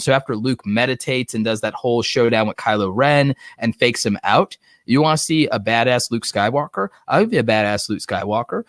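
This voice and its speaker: A man's voice: medium pitch, a little fast, hardly any pauses, no echo. Dry-voiced man ranting on a livestream. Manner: excited, rambling, heavy use of "like". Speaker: host of a live show. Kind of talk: casual livestream chat. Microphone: online streaming setup.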